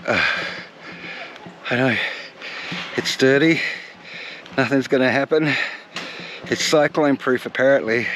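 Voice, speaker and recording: A man's voice: medium pitch, slow, pauses often. A man talking to the camera on his travels, chatty and poking fun at himself. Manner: chatty, self-mocking, talks to the camera. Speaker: travel vlogger. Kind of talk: casual travel vlog narration. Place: outdoors on location. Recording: outdoor recording with loud background noise.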